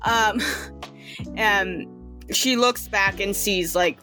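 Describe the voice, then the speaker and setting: A woman's voice: mid-range voice, extremely slow, sharp tone, faint music behind. A woman narrating as game master of a tabletop role-playing game, casual and chatty, with many fillers and restarts.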